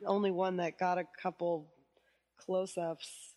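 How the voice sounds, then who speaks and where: A woman's voice: on the low side, level tone, a little slow, warm tone, in a large hall. A woman hosting a podcast, steering the chat with wry remarks. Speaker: podcast host. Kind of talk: casual chat.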